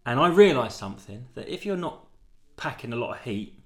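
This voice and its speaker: A man's voice: medium pitch, sing-song, a little fast, a bit bright. A man hosting a casual comedy chat, cracking crude, cheeky jokes. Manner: joking, cheeky, crude banter. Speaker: podcast co-host, comedian.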